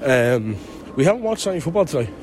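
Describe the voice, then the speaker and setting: A man's voice: medium pitch, sing-song, fast talker, darkish tone. Young Irish man, podcast co-host, joking banter on a phone recorder with faint street noise behind. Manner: jokey, self-mocking banter. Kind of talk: casual travel chat. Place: outdoors and in an airport, walking through a city.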